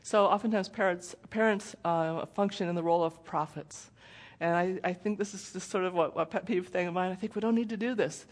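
Brisk and on the low side, this middle-aged woman presents a parenting talk with slides. Her delivery is conversational, intense yet never loud, and she performs the quoted voices herself.

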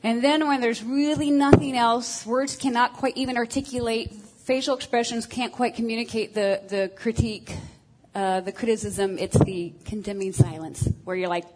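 A woman's voice: on the high side, steady tone, normal speed, a little mellow, rough recording. A woman giving a frank, self-deprecating talk on marriage to a group, with many ums and uhs. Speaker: speaker on marriage. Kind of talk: candid talk to a group of women.

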